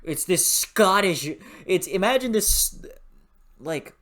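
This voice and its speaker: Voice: mid-range voice, animated, takes it slowly, fairly bright tone. A book reviewer in a casual video review, swearing freely, laughing often and losing the train of thought. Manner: frequent laughter.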